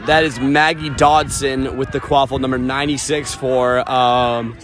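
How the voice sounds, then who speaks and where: A man with a sick voice calling live play-by-play outdoors, shouting out players' names. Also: mid-range voice. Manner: excited, quick calls of players' names. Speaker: sports commentator. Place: outdoors at a sports field. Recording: crowd noise outdoors.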